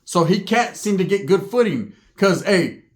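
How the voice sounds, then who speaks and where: A man from Northern California spins a crude street story, swearing constantly and checking in with "right?". His voice sits a little high, and he tells it in a casual, animated way. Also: normal speed. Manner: profane, animated, rhetorical "right?".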